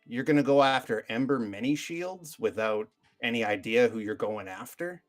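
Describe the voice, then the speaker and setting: A man's voice: mid-range voice, normal speed, music in the background, lightly acted. A man voicing a weathered farmer who talks in a subdued drawl. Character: weathered farmer, man, eager fighter held back.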